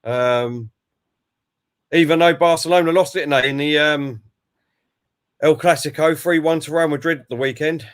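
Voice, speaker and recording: A man's voice: a little high, moderate pace, pauses often, clean tone. A man hosting a casual football chat, talking in a friendly way with many hesitations and fillers. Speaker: host.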